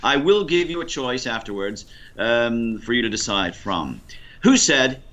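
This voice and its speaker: Bright-voiced American quizmaster. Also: male voice, medium pitch, expressive, dull audio, a little hiss or hum. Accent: American, Ohio. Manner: dry, deliberate, teasing. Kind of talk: running a quiz.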